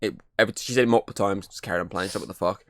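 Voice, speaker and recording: A man's voice: fairly low pitch, very fast, no room sound. A man hosting a podcast, telling rambling stories in casual chat and swearing freely. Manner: rambling, sweary, repeats "obviously". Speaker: podcast host.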